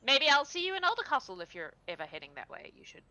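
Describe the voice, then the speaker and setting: A woman's voice: high voice, big pitch swings, fast, sharp tone, voice pushed up, heavily acted. A woman voicing a chatty male traveling merchant who rambles in a friendly, salesy way. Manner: rambling and salesy, full of fillers.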